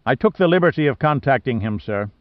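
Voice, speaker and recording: A man's voice: mid-range voice, animated, fast talker, dry recording, muffled recording, natural voice. A man voicing a polite, anxious young male naval officer who pleads with his captain, in a storybook reading. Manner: deferential, pleading.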